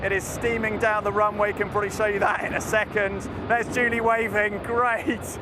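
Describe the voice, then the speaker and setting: A man reporting live from an airfield, talking enthusiastically and with excitement. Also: sits high, normal speed. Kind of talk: live outdoor news report. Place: outdoors at a busy airfield. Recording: noisy outdoor live feed. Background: traffic noise.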